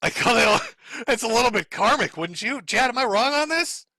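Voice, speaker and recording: A middle-aged man rattles off sarcastic, mocking commentary on his live stream and laughs often. His voice sits high and bright. The sound is dry and close, with no room behind it. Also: animated, normal speed, gravelly, dry recording. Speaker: streamer host.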